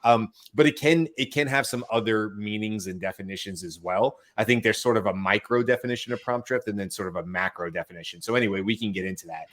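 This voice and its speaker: A man hosting a podcast panel, telling stories in a casual, animated way and acting out the quotes. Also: lowish voice, quick pace, few pauses. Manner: animated storyteller, acts out quotes. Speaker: podcast host.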